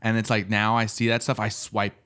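A man's voice: on the low side, monotone, brisk, fairly bright tone. A man co-hosting a podcast in casual chat, rambling and trailing into asides. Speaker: podcast co-host.

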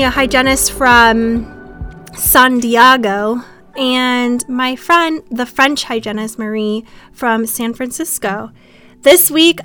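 A woman's voice: on the high side, bright, forceful tone. A young woman hosting a casual podcast, chatty and bubbly, laughing often as she talks. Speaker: podcast host.

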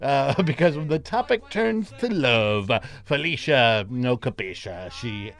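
A man's voice: medium pitch, slow, creaky. A man hosting a podcast, chatting casually about music and laughing often. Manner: laughs often, lively and upbeat. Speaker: podcast host.

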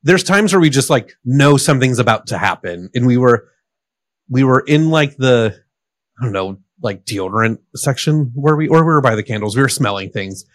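A man's voice: medium pitch, animated, moderate pace, no room sound. A man co-hosting a podcast, telling a story casually with lots of fillers and restarts. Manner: rambling, filler-heavy storyteller. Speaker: podcast co-host.

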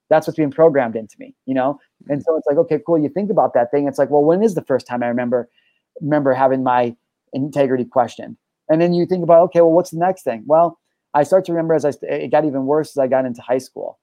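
A man's voice: on the high side, fast talker, warm tone, no echo, rough recording. A man hosting a talk show and coaching listeners in an intense, profane, preachy monologue. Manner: intense, swears freely, preachy. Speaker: podcast host and life coach.

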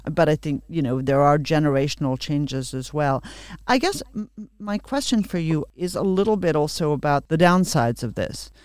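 A man's voice: fairly high pitch, lively intonation, moderate pace, a little mellow, clear, resonant tone, no echo. A man from Australia hosting an interview, asking emphatic questions with frequent restarts.

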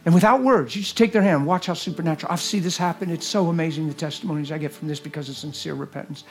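A man preaches a heartfelt sermon and leads prayer, his voice sitting a little high. He drops into hushed whispers, then rises into loud exclamations. Soft music plays faintly beneath him. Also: very fast, hardly any pauses. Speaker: guest preacher. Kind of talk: sermon with altar call and prayer. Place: church service.

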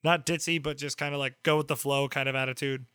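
A man's voice: mid-range voice, fairly even intonation, fast talker, pushed and bright, smooth, no room sound, studio quality. A man hosting a podcast in casual chat, teasing his guest and packing his talk with "like". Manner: teasing, filler-heavy with lots of "like". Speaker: podcast host.

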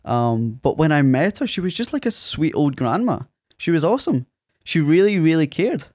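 A man's voice: on the high side, normal speed, dry recording, clean studio sound. A man in his thirties with an Ayrshire Scottish accent, a guest telling stories in a casual interview and acting out quotes in a raised voice. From Scotland. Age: 30s. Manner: animated storyteller, acts out quotes in a raised voice.

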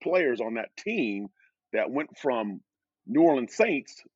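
A former pro football player telling a lively anecdote as a guest, with a dull, dry lo-fi recording. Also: male voice, medium pitch, slow pace, breathy edge, no echo. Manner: animated, laughing storyteller. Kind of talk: storytelling.

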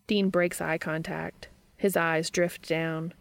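A woman narrating a fan fiction story aloud in a steady reading voice. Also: lowish voice, slow pace, gravelly.

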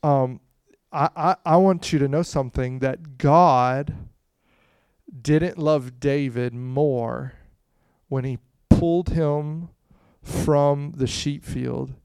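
A man preaching a conversational sermon to a congregation, swinging between hushed and loud passages, with frequent "you know" asides. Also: medium pitch, fairly even intonation, takes it slowly, creaky, smooth, dry recording, studio quality. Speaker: pastor.

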